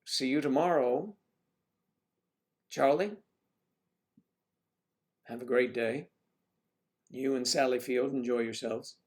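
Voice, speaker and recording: A man hosts a casual livestream, talking straight to his viewers. He rambles and trails off into asides. His voice sits at an ordinary middle pitch. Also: takes it slowly, long pauses. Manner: rambling, chatty, full of asides. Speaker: livestream host. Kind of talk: casual chat.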